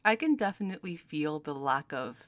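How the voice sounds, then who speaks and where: A young woman with a low, animated, brisk voice and no room sound hosts her channel. She ranks game cards while chatting casually, giggling a lot and filling her commentary with fillers and restarts.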